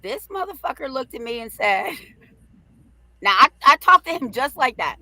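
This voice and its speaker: A middle-aged woman hosting a livestream, telling a story in a brash, profane, animated way. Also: high voice, moderate pace, no room sound, low-quality recording. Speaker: host.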